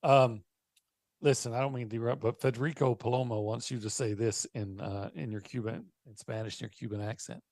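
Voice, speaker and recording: A man co-hosts a live sports radio show, working through his points with some restarts and the odd pun. His voice has a gravelly edge, and his pitch sits in the middle. The sound is dry and close. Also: fairly even intonation, a little mellow, dry recording. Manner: wordplay, measured analysis with restarts. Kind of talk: casual sports radio chat. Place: radio studio.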